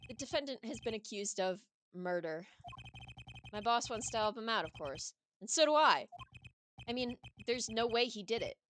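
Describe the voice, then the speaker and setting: A woman's voice: fairly high pitch, animated, normal speed, fairly bright tone, a little hiss or hum. A woman voicing a nervous, overeager young male rookie lawyer. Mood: nervous, eager. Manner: nervous, overeager, insisting he is fine.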